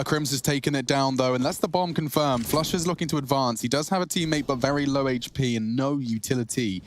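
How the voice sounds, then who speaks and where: A man's voice: medium pitch, a little hiss or hum. A man co-commentating on a live esports match, joking and bantering between calls. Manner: jokey, playful banter.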